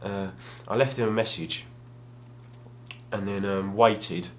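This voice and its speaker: A young man with a fairly low voice tells a long, rambling story about a bargain. He talks casually, restarts his sentences and pokes fun at himself. A faint hum sits under the recording. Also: steady tone, slow pace. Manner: rambling, self-deprecating, restarts often. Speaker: gaming vlogger. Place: home room, at a table.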